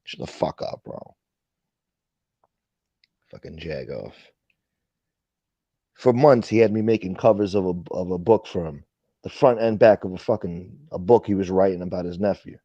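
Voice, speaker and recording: This man's voice is low and warm, at normal speed, in a lo-fi recording with no room sound. Hosting a casual livestream chat, he rants with profanity and thanks viewers for their donations.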